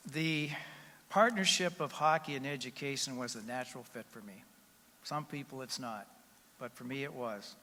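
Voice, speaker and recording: A man's voice: mid-range voice, sharp tone. Older man giving a folksy speech in an echoing hall. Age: 70s. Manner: folksy, conversational storyteller. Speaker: retired hockey coach, inductee. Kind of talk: acceptance speech. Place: large banquet hall. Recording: long reverb of a large hall.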